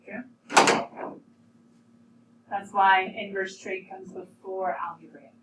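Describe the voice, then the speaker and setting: A woman teaching a calculus class, playful and lively, quizzing her students as she works through problems. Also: medium pitch, slow pace. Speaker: math teacher. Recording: roomy classroom, distant mic, faint noise.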